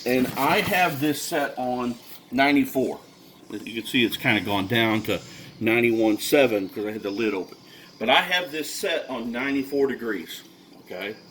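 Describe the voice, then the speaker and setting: A man's voice: mid-range voice, a bit bright, a little hiss or hum. A man who breeds birds gives a casual how-to demonstration, explaining step by step with lots of fillers and restarts. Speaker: bird breeder.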